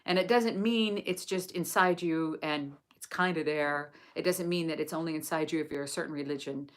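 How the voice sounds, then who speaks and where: Gentle English woman hosting a live study. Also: deep voice, normal speed. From England. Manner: gentle, effusive, greets viewers warmly. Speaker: host of a live book study. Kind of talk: reading scripture aloud, then live-stream chat.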